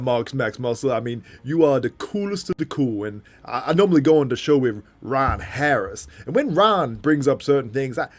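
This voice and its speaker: A man doing an impression of a veteran male bodybuilding champion, drawing his words out slowly in a raised, easygoing voice with repeated asides. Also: medium pitch.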